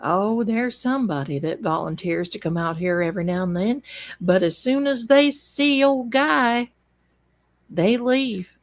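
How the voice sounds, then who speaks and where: A woman voicing a middle-aged male small-town police officer who speaks in a slow folksy drawl and calls her ma'am. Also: medium pitch, animated.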